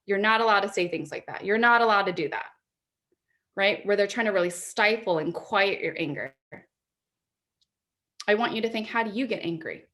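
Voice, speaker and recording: A woman in her thirties gives a conference talk in a relaxed, conversational way. She keeps asking her listeners reflective questions and laughs easily as she goes. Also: medium pitch, normal speed, pauses often. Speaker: conference speaker. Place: apartment.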